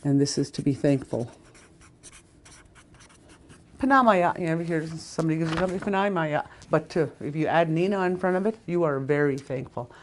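A woman teaching a language class in a casual, chatty way, repeating words slowly with plenty of fillers. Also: sits low, dark tone, slight background noise.

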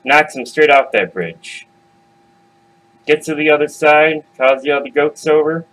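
A man hosting a grown-up storytime, narrating in a slangy, swaggering, profane way with sudden loud bursts. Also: a little high, fairly even intonation, measured pace, rough recording. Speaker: storyteller and host. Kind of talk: casual adult storytime narration.

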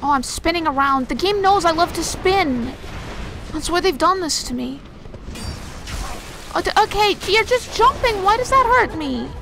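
A woman's voice: very high voice, expressive, moderate pace, background noise. A young woman doing casual, rambling gameplay commentary, talking to herself and getting exasperated as she plays. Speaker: let's play host.

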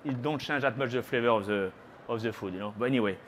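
French-accented chef, chatty live demo. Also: male voice, mid-range voice, fast. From France. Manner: chatty, teasing the audience, sprinkles French phrases. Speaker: chef giving a cooking demo. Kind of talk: live cooking demonstration. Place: trade show cooking stage.

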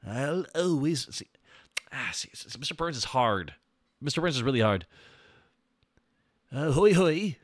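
A man's voice: mid-range voice, moderate pace, no echo, clean studio sound. A man streaming casually, chatting and trying out cartoon impressions. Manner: animated, jumps into character voices.

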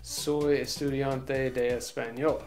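A man's voice: mid-range voice, flat delivery, slow, music in the background. A man whose first language is English, a student giving hesitant, unsure answers in practice. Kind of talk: casual lesson practice.

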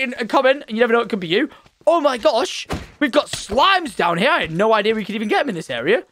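A man commentating his Minecraft let's play, excitable and loud at surprises. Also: very high voice, fast, slight background noise. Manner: excitable, shouts and squeals at surprises. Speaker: gaming channel host.

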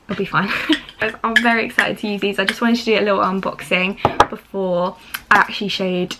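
A woman's voice: medium pitch, flat delivery, brisk, heavy background noise. Bubbly young woman vlogging. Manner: bubbly, gushing, lots of fillers. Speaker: beauty vlogger. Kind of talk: casual vlog chat. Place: home, indoors.

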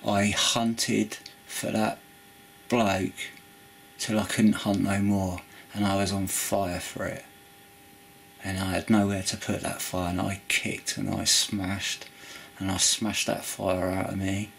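A man's voice: deep voice, level tone, slow, creaky, fairly bright tone, a little hiss or hum. A man giving an earnest, rambling spoken testimony about forgiveness, full of restarts and asides. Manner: rambling, earnest, with frequent restarts and "you know". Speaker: Christian video preacher. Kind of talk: informal spoken testimony and preaching.

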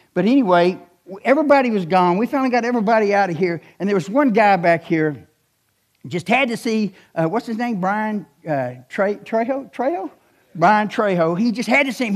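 A man, an assistant pastor preaching a sermon in a church, telling stories and building to emphatic questions. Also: fairly high pitch. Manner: storytelling, animated, rising to emphatic questions.

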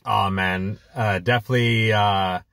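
A man co-hosting a fan podcast, talking in an excited, rambling way with lots of filler words. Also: lowish voice, unhurried, dry recording, studio quality. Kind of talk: casual chat.

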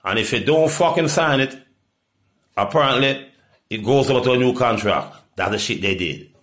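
A middle-aged Jamaican man in a rambling, profane monologue that swings from loud outbursts to low mutters. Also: expressive, normal speed. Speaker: reggae artist.

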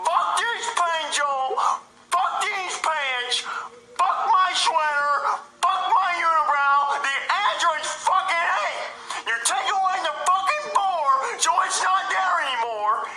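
High dopey brat kid in a puppet vid, slurry, noisy recording. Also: male voice, roomy sound, full character voice. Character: bratty foul-mouthed boy puppet.

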